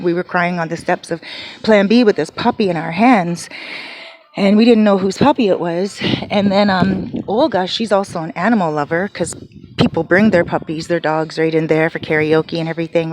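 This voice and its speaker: A woman vlogging from home near her garden, telling an emotional story casually, full of quoted dialogue and fillers. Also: lowish voice.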